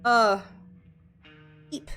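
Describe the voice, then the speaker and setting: A woman's voice: very slow, pushed and bright, soft background music. A woman streaming a game, chatting casually with her viewers, rambling and interrupting herself, sleepy and yawning. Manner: rambling, self-interrupting, chatty with chat readers, laughs often. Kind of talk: casual livestream chat.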